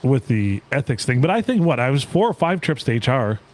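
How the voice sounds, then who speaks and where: Lively, jokey male podcast host. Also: medium pitch, a little fast. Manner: jokey, laughs often, plays bits. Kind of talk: casual chat.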